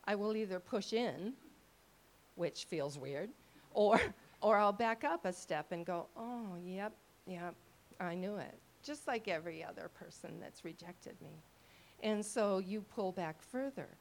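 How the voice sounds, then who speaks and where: An older woman gives a conversational ministry teaching to a live audience. She talks with a mid-range pitch, drops into acted-out inner voices, and keeps checking in with her listeners. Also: a little slow, creaky. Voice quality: expressive, acts out quoted thoughts in lively voices.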